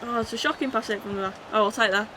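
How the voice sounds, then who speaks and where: A woman livestreaming a football video game, chatting with her viewers and shouting at the match as it plays out. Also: a little high, rapid-fire, background noise. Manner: excitable, shouts at the game, then chats casually. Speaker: gaming streamer. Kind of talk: live game commentary and chat reading.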